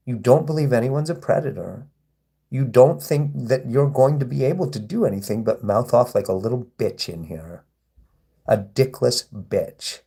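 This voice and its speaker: A man's voice: medium pitch, gravelly, darkish tone, husky. A man on a live stream who reads viewer comments aloud and answers them, taunting, provoking and swearing at his hecklers. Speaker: livestreamer. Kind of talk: live stream reading chat comments and replying.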